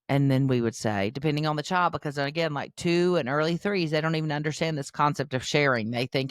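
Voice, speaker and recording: A woman's voice: sits low, expressive, a little fast, few pauses, dry recording. Earnest older woman, dry close sound. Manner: earnest, warmly instructive, acts out quoted voices. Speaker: parenting podcast host. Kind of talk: conversational advice talk.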